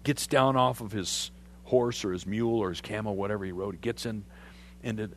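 A man preaching a sermon, animated and conversational, putting questions to his congregation. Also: on the low side, moderate pace, slight background noise. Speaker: pastor.

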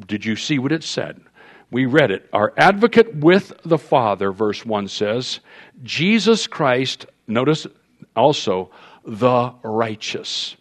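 A man preaching a sermon as a pastor, telling a story and explaining scripture in an animated way. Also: mid-range voice. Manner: storytelling, animated with quoted voices.

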